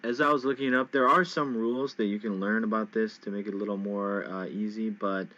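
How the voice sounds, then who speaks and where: A man with a lowish, steady, sharp-toned voice teaches English pronunciation casually, checking in with "okay?" and "right?" and stretching out example words slowly. The sound is lo-fi.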